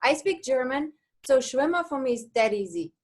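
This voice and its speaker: A woman co-hosting a dance talk show over a video call, laughing often and talking in a lively, animated way. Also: sits high, normal speed. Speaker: host. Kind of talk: casual talk-show chat.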